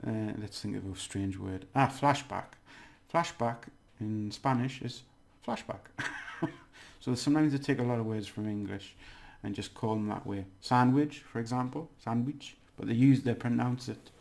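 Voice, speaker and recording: A man giving a casual video lesson as a language teacher, chatty, laughing often and repeating words slowly to model them. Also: on the low side, gravelly, a little mellow.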